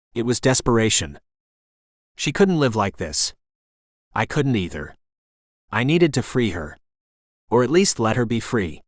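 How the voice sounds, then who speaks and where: A man narrating a first-person romance audiobook in an earnest, emotional, soft-spoken way. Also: lowish voice, no echo, studio quality.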